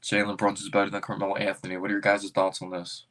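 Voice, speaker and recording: A man hosting a casual livestream as a basketball fan, rambling and thinking out loud with excitable bursts. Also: fairly low pitch, fast talker.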